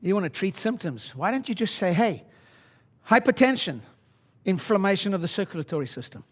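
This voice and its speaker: A man in his sixties speaking at a seminar, brash and boastful, dropping to low asides and then pushing up into loud exhortation at the audience. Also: very animated, a little fast. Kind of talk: motivational seminar talk. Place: conference room before an audience.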